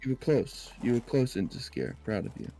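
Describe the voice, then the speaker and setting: A man's voice: mid-range voice, big pitch swings, fairly quick, dark tone. A man with a New Zealand accent, a guest on a casual livestream chat, joking and teasing and swearing freely.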